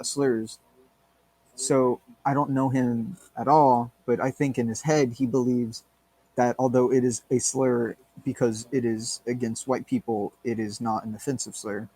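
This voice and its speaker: A man's voice: medium pitch, warm tone, breathy edge, no echo. A male podcast host talks in a loose, rambling way, peppering crude jokes with filler words. His voice sits in an ordinary middle range. The sound is close and dry, with no room around it. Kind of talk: casual chat.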